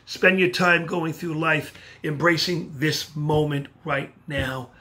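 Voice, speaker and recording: An animated motivational speaker from New York gives a pep talk as a motivational speech on video, recorded with a video camera. His voice sits on the high side, his pace is slow, and he gestures as he talks.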